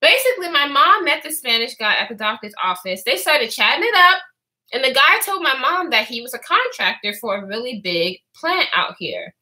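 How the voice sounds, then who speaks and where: This is an animated young woman, spilling a story on her vlog. Her voice sits high and sounds very bright, and it swings widely in pitch as she mimics the people she talks about. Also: moderate pace. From Houston, Texas. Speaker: vlogger.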